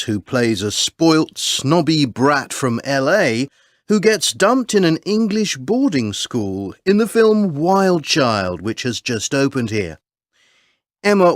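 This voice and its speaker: A man interviewing a guest in a scripted exam-audio interview, asking his questions clearly and expressively. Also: a little high, dry recording, clean studio sound.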